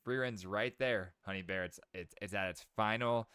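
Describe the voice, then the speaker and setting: A man with a lowish, smooth and bright voice talks on a podcast. He is laid-back and slangy, and his talk is full of "bro" and "man". The sound is dry and close. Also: moderate pace, dry recording. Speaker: podcast co-host. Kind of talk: casual chat.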